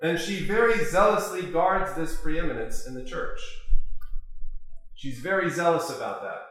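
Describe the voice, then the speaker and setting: Slow-speaking priest, echoey church. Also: male voice, a little high, a bit bright. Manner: measured, rhetorical questions. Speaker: Orthodox priest. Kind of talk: sermon.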